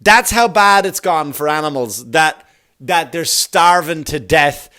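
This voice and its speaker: Man, middle-aged, comedian riffing alone, swears a lot, slightly high voice, lively delivery. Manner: swearing, animated, jumps into quick voices for bits. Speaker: comedian podcast host. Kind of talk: rambling comic monologue.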